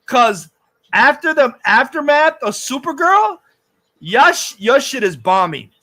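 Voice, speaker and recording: A man's voice: extremely high pitch, sing-song, unhurried, sharp tone. A man hosting a livestream, ranting angrily and profanely, repeating himself. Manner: furious, profane, repetitive ranting. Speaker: livestream host.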